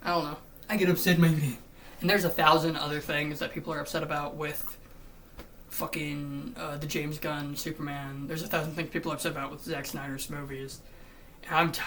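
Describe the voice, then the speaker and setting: A vlogger ranting off the cuff, profane and fed up, hammering the same lines again and again. The voice sits at an ordinary mid pitch, with some talk punched out loud and some dropped to a mutter. It sounds a little away from the mic, with a faint hum of noise behind it. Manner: profane and exasperated, with frequent cursing and repetition; animated, swinging between loud outbursts and muttered asides. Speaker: YouTube commentator. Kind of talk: unscripted ranting commentary. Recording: slightly distant mic with faint background noise.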